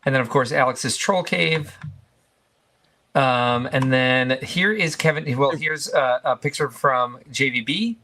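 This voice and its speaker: A man's voice: medium pitch, a little slow, pushed and bright, slight background noise. A man co-hosting a live stream, chatting casually and rambling through pictures with lots of fillers. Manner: rambling, filler-heavy, easygoing. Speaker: stream co-host.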